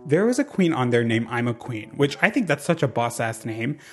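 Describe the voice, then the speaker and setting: A man hosting his channel with casual gameplay commentary, sassy and gossipy, swearing freely and swinging from loud bursts to low mutters. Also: sing-song, brisk, faint music behind. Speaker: channel host.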